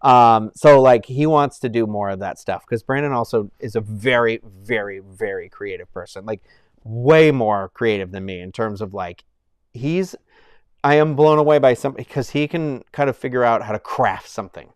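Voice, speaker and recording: A man's voice: medium pitch, moderate pace, smooth, no room sound, clean studio sound. Rambling, heartfelt male live streamer. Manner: rambling and heartfelt, many fillers and restarts. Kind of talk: casual live-stream chat with viewers.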